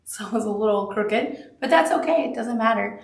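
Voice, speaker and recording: A woman with a Southern accent walks viewers through appliqué placement in a live quilting lesson. She talks in a chatty, upbeat way, her voice a little high and gravelly. The sound is roomy, and she is heard from a short way off the mic. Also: lively intonation, brisk, recorded from a distance. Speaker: quilting instructor. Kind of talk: live craft tutorial.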